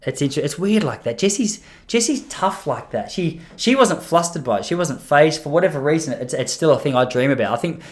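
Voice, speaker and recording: A man's voice: on the high side, lively intonation, brisk, hardly any pauses. Man, podcast host, casual storytelling, self-mocking, rambling restarts.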